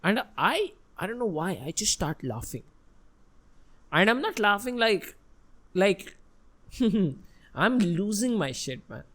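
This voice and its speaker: A man's voice: high-pitched, sing-song, takes it slowly, pauses often, fairly bright tone. A young man co-hosting a casual podcast, talking candidly, swearing and slipping in Hindi words. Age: young adult. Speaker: podcast co-host.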